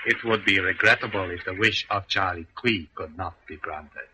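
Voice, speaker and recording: An actor playing a cold, scheming male criminal mastermind in a vintage radio drama, speaking in a formal, measured, menacing way. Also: sits low, sharp tone, slight background noise, rough recording.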